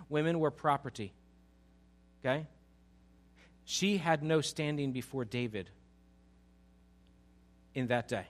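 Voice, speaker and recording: A man preaching a sermon, addressing his congregation directly and rising into loud, emphatic passages. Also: medium pitch. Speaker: pastor.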